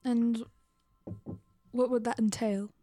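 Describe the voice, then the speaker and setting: A woman's voice: fairly high pitch, little pitch movement, slow pace, warm tone, no echo. A woman playing a tabletop game in character, pressing with questions. Faint music plays behind her. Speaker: player.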